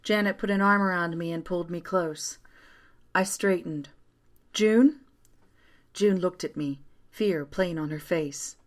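A woman narrating a first-person story aloud in a quiet, steady way. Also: on the low side, normal speed.

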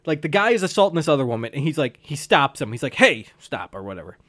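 A man co-hosting a podcast, chatting casually about a film and acting out scenes in quick bursts. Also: fairly high pitch, big pitch swings, a bit bright, no room sound, clean studio sound. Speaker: podcast co-host. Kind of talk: casual chat reviewing a film.

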